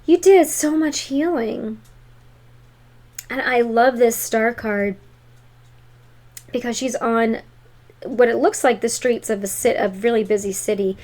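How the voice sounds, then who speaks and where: Woman doing a tarot reading, upbeat and encouraging, kinda high voice. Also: a little slow, long pauses. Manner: emphatic, encouraging, animated. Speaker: tarot reader.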